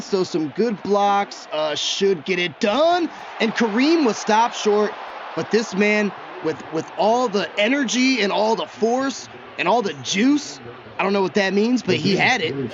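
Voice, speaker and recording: High-voiced chatty man commenting on gameplay. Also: highs cut off, a little hiss or hum. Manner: chatty, excitable, talks to himself while he plays. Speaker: gaming YouTuber.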